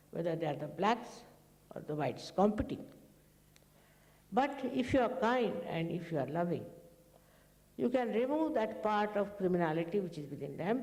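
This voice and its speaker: A woman's voice: mid-range voice, warm tone. A woman spiritual teacher giving a rambling, anecdotal talk to her followers, acting out bits of dialogue. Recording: long echo of a large hall.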